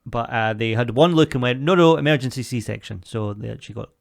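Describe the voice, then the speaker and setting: Gravelly man telling a story. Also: medium pitch, a little fast. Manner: storytelling with acted quotes of others. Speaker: podcast co-host. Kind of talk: casual comedic chat.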